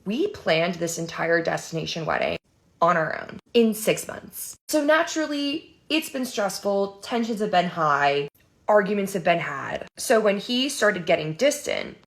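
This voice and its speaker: A young woman calmly recounting a personal story in story-time style. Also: on the low side, unhurried.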